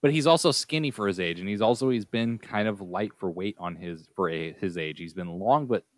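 A man's voice: fairly low pitch, fairly quick, dry recording, studio quality. A father in casual chat, easygoing and teasing.

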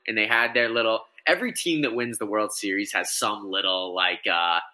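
A man talking sports on a podcast, with a strikingly bright, sharp tone. He rambles with excitement, restarting sentences as his thoughts run ahead. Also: lowish voice, moderate pace. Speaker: podcast co-host. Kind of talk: casual sports chat.

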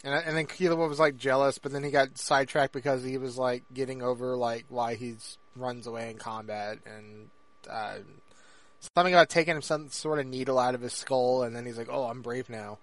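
A man's voice: medium pitch, steady tone, fairly quick, dry recording. A man co-hosting a podcast in casual chat, joking in an offhand way. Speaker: podcast co-host.

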